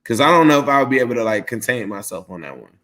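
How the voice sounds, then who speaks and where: A man's voice: medium pitch, lively intonation, very fast, sharp tone. Male co-host, casual sports chat, jet-lagged and rambling. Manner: rambling, heavy use of "like". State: tired from jet lag. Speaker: podcast co-host.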